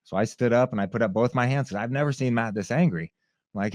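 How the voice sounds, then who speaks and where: Speaking fast in a mid-range voice, this man, once a fighter, spins an animated tale as a podcast guest, mimicking other people's yelling. The sound is studio quality with no room sound.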